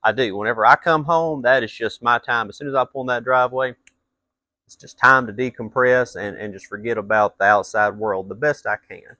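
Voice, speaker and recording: A man's voice: medium pitch, steady tone, brisk, bright, forceful tone, no echo. A man telling a blunt, profane story as a rant, his voice jumping up into heated outbursts. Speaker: vlogger.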